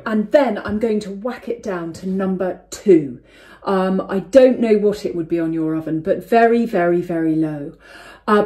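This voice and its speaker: A woman's voice: lowish voice, warm tone, low-quality recording. A woman, chatting through a cooking demonstration in her home kitchen, instructive and filled with ums. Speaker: cooking vlogger.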